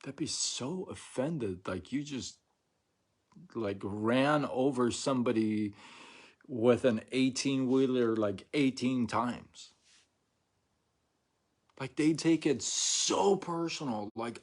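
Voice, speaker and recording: A man's voice: mid-range voice, slow, pauses often. A middle-aged man talking casually to viewers on a live stream, chatty and repetitive, often checking in with "right?" and acting out mock quotes. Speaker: vlogger.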